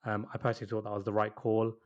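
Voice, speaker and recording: A man's voice: fairly low pitch, completely flat delivery, racing, lo-fi sound. A young man co-hosting a football podcast, speaking hesitantly with many you-knows and restarts. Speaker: podcast co-host. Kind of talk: casual football chat.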